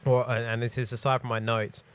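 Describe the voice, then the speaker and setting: A man co-hosting a podcast in casual chat, animated and joking as he talks. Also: medium pitch, a little fast, clear, resonant tone. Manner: animated, joking, acts out quoted voices. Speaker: podcast co-host.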